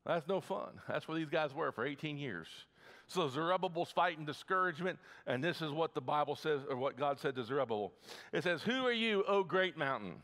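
A pastor from the Midwest preaching a sermon in his church, energetic, with frequent stammered restarts. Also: on the high side, brisk. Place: church sanctuary.

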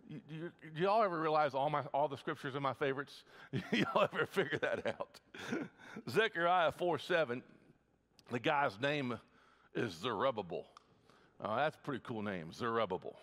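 A pastor from the Midwest preaching a sermon in his church, energetic, with frequent stammered restarts. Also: medium pitch, moderate pace. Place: church sanctuary.

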